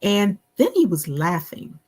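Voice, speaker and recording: Middle-aged woman, guest author; husky, measured storyteller. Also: mid-range voice, big pitch swings, poor audio. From Buffalo, New York. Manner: measured, reflective, many ums. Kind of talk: interview storytelling.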